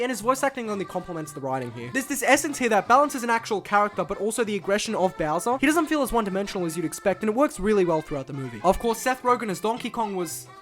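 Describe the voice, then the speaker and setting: A man narrating a comedic video essay as a film reviewer, sarcastic and animated. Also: high voice.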